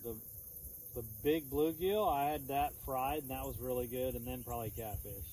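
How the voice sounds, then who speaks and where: Casting note: laid-back Texan man, mid pitch, rambling stream chat outdoors, faint crickets behind. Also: normal speed, darkish tone, a little hiss or hum, rough recording. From Texas. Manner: rambling, easygoing, with many restarts. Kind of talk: casual chat. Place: outdoors in the countryside. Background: crickets and insects chirping faintly.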